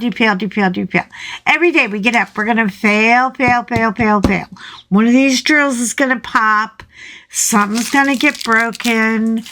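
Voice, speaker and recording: A woman vlogger in casual chat, rambling and chatty with animated asides. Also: on the high side, slight background noise.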